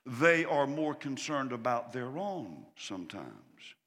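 A man's voice: mid-range voice, big pitch swings, takes it slowly. Passionate preacher man in a reverberant hall. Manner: impassioned preaching that swells to loud cries. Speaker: pastor. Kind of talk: sermon.

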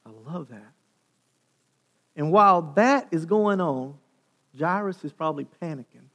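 Higher-voiced pastor telling a story. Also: male voice, measured pace, long pauses. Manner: animated, dramatic storytelling with sharp swings in loudness. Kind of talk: sermon.

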